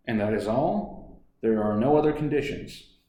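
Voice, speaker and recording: A man's voice: medium pitch, moderate pace, warm tone, lightly acted. A man voicing a spirited, wary young woman in a storybook reading, blunt and guarded. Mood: wary firm. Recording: echoey room.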